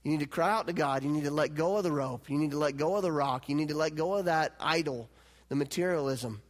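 A man preaching a sermon as pastor, animated and swinging between loud, emphatic lines and hushed, quiet ones. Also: fairly high pitch, fast. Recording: long hall reverb.

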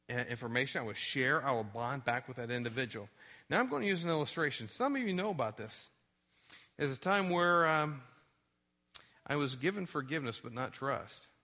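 Guy preaching in church, bright voice, tells stories all animated. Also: mid-range voice. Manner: animated storytelling, drops to quiet tones for sad moments. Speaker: pastor. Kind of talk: sermon with personal story.

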